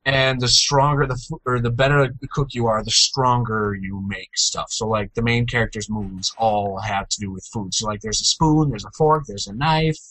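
Young male co-host, bright and dry-sounding, playful jokey delivery, casual gaming chat. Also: moderate pace, hardly any pauses, no echo, poor audio. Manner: jokey, jumps into playful high-pitched outbursts.

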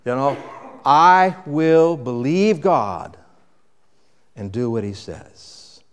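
A man preaching a sermon with dynamic delivery, rising to loud emphasis and dropping to quiet reflection. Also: mid-range voice, lively intonation, extremely slow, clear, resonant tone, in a large hall. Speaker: pastor.

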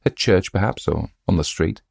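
A man's voice: deep voice, animated, normal speed, gravelly, breathy edge, dry recording, studio quality, pitched above the performer's own voice, full character voice. A man reading a story aloud and voicing a young male officer with a teasing manner.

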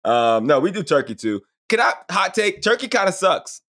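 A man co-hosting a podcast in casual chat, telling a story with lively acted-out quotes. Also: high-pitched, moderate pace. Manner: animated storyteller, acts out quotes. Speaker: podcast co-host.

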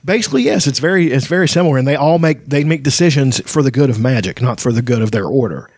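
A man's voice: medium pitch, fast talker, a little mellow, breathy edge, no room sound. A man hosting a casual book talk, reading passages aloud and chatting with many fillers, restarts and laughs. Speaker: podcast host.

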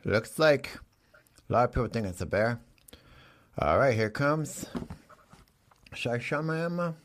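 A man hosting a comedy show with mock-serious, deadpan delivery. His pitch swoops and jumps a lot, and he playfully bosses his guest around. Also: unhurried, slight background noise.

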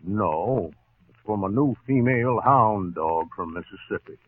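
A man's voice: lowish voice, expressive, unhurried, husky. An actor playing a joking, folksy male dog veterinarian in a 1940s radio comedy. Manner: punning, folksy. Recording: tinny old radio broadcast.

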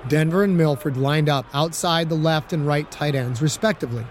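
Man narrating an audiobook, slightly high. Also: moderate pace, slight background noise.

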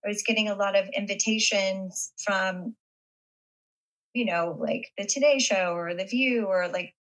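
A woman being interviewed, telling a personal story in a halting way with many fillers and restarts. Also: mid-range voice, a bit bright, rough recording. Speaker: interview guest. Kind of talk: casual interview chat.

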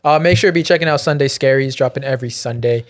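A man's voice: mid-range voice, fast talker. A man co-hosting a podcast, reading patron names aloud and plugging merch in casual chat. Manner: reads names in a flat list, joking. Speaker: podcast co-host.

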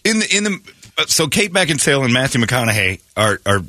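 A man's voice: mid-range voice, big pitch swings, fast, pushed and bright, no echo, clean studio sound. A man hosting a morning radio show, telling a story in a joking, laughing way. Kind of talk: casual radio banter. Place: radio studio.

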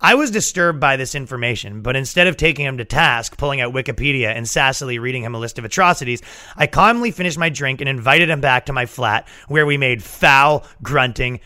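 A man hosting a podcast, riffing in a profane, animated comedic rant. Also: mid-range voice, fairly quick. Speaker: podcast host.

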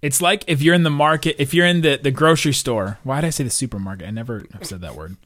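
A man co-hosting a casual sports podcast, rambling and animated, laughing often. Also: mid-range voice, quick pace, no room sound, clean studio sound. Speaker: podcast co-host.

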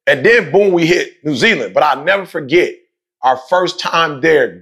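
A man talks with passion, repeating key points and dropping slang in casual conversation. His voice sits high and carries a gravelly fry. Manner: emphatic, repetitive, slangy, animated.

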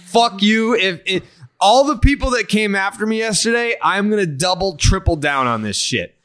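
A man's voice: high voice, expressive, normal speed, a bit bright. A man hosting a sports podcast, ranting in a profane, emphatic way during casual chat. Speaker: podcast host.

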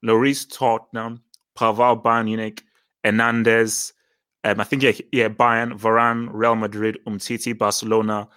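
A man's voice: on the low side, little pitch movement, moderate pace, fairly bright tone, smooth. A man in casual football chat, thinking aloud and often stammering and restarting as he works through names. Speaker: podcast co-host.

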